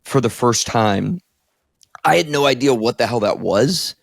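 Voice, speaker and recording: A man's voice: medium pitch, animated, unhurried, creaky, no echo, clean studio sound. A man in his thirties from Northeast Ohio, a therapist co-hosting a podcast, telling a personal story candidly, with many "like"s. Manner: candid, heavy use of "like", emotional storytelling. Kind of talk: casual podcast conversation.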